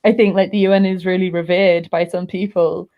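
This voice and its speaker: A woman on a video call, guest on a podcast, telling an anecdote in animated, giggly casual chat. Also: on the low side, a little fast, lo-fi sound.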